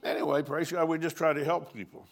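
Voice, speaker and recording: A man's voice: fairly high pitch, level tone, fast talker, gravelly. Folksy older man preaching a sermon. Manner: folksy, anecdotal, chuckles between lines. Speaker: pastor. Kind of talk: conference sermon with storytelling.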